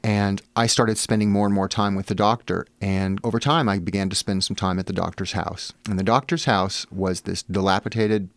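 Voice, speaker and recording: A man's voice: lowish voice, little pitch movement, normal speed, few pauses, dry recording. A man from Massachusetts, a memoir author, telling personal stories in an interview with candid, wry humor and frequent "you know" fillers.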